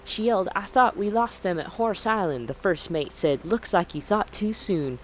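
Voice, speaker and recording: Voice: medium pitch, normal speed, slight background noise, voice pushed up, close to an everyday voice, rough recording. A streamer reading a child's adventure story in a put-on Southern belle accent, with a lilting storybook delivery. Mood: storytelling. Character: young girl's story told in a Southern belle voice.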